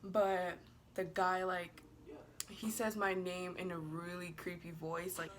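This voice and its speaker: A woman's voice: lowish voice, flat delivery, slow, crowd noise. Bubbly rambling woman vlogger. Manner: chatty and rambling, heavy use of "like"; bubbly and giggly, apologizes playfully. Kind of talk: casual storytime vlog.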